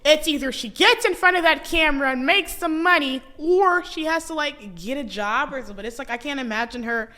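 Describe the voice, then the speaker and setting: A woman talking casually as a podcast guest, animated and laughing, swearing freely. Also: high-pitched, a little fast, hardly any pauses.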